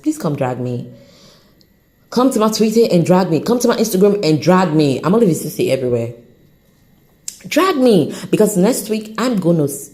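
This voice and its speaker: A woman with a low-pitched voice hosts an unscripted motivational podcast, speaking off the cuff in an animated, encouraging way. She mentions that her accent shifts as she talks.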